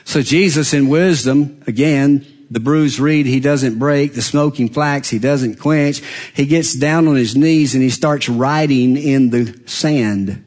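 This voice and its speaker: A man preaching a sermon, swinging dramatically between hushed, quiet passages and loud, raised ones. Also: mid-range voice, takes it slowly.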